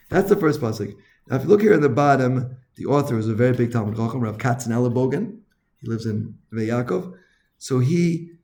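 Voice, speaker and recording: A man teaching an informal Torah class as a rabbi, chatty, full of asides and lively retold quotes. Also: medium pitch, vocal fry.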